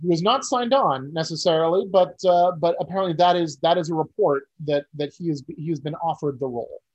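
Rambling, wry man with a slightly high voice. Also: fairly quick, highs cut off. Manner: rambling, self-interrupting, wry. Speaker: podcast co-host. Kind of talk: casual podcast chat.

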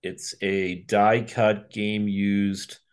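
A man's voice: fairly low pitch, level tone, extremely slow, smooth. A man with a Boston accent, a podcast guest giving candid, rambling answers in casual chat.

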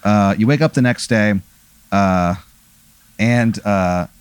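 A man hosting and improvising a comic hypothetical, rambling with many fillers and a deadpan delivery. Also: lowish voice, slow pace, clear, resonant tone, no echo. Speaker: host posing a hypothetical. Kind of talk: improvised comedic storytelling.

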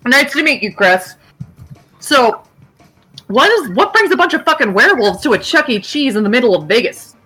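A woman's voice: high-pitched, big pitch swings, normal speed, bright, forceful tone, slightly rough, exaggerated voice. A woman voicing a smug, jokey male gator-man shapeshifter who cackles. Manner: cackling, cheeky.

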